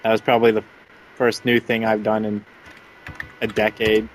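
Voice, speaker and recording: A man's voice: lowish voice, completely flat delivery, moderate pace, a little hiss or hum. A man on a casual podcast chat, blunt and crude, joking and laughing often. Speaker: podcast co-host.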